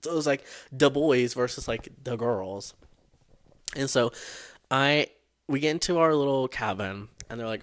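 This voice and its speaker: A man's voice: mid-range voice, moderate pace. Profane young man ranting about camp. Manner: profane, exasperated, dramatic retelling. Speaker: podcast host. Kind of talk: casual storytelling monologue.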